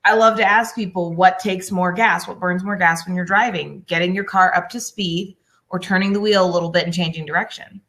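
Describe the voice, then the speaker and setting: A woman's voice: fairly low pitch, a little fast, hardly any pauses. Young woman coach from the American South. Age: young adult. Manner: animated storyteller acting out clients' words. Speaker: business coach. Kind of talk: guest on a talk show.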